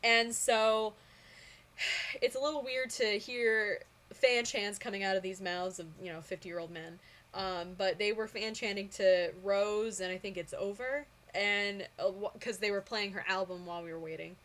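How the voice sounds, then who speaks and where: A young woman vlogger telling a story in a casual, excitable way, with lots of fillers and bursts of squealing excitement. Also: medium pitch, normal speed.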